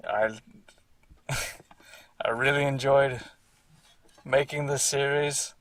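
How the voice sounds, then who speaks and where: A man's voice: mid-range voice, fairly even intonation, very slow, a bit bright, dry recording, recorded from a distance. A man giving rambling, casual commentary on his own series, repeating himself and swearing now and then.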